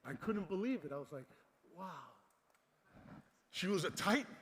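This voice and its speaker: A man's voice: high-pitched, animated, moderate pace, slight background noise. Fiery man speaking in a big hall. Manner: fiery, exhorting, swings between loud and soft. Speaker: conference speaker. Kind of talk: impassioned conference speech. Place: large conference hall. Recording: long hall reverb.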